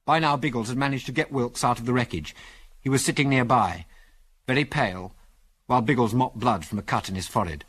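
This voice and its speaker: Husky-voiced man narrating an adventure story. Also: mid-range voice, fairly quick. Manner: dramatic storytelling, animated delivery.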